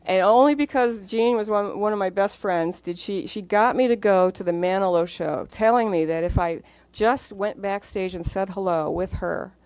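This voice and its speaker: Brief: woman panelist, animated storyteller who acts out quotes, dry close mic. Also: medium pitch, dry recording. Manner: lively storyteller, laughs often, acts out quotes. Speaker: former magazine editor on a panel. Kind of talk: animated anecdote telling. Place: library event hall.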